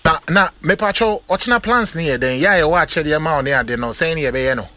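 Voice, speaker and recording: A man with a Ghanaian accent hosting a call-in radio show, giving hyped shout-outs and blessing a caller. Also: on the high side, fast. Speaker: radio host. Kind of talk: call-in birthday show, English and Twi mix.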